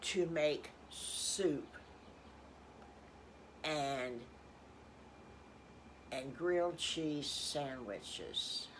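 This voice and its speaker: An older woman doing a slow, soft little piglet. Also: deep voice, slight background noise, pitched below the performer's own voice. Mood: proud. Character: calm little boy piglet.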